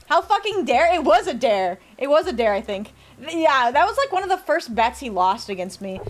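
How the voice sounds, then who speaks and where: High, lively woman streaming a game. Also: normal speed. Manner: playful, chats with viewers while reading game text aloud. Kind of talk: live game stream chat. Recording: faint music behind.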